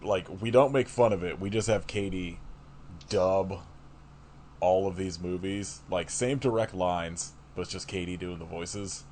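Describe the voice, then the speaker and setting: Deep-voiced joking podcast man. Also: a little slow, a little mellow, a little hiss or hum. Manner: joking, laid-back. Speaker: podcast co-host. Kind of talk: casual podcast banter.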